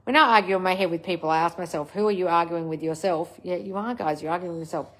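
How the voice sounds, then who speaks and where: A woman's voice: lowish voice, fast talker, a bit bright. A woman hosting a casual livestream, answering viewer comments in a blunt, scolding coach manner with plenty of swearing. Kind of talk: casual live chat, reading out comments.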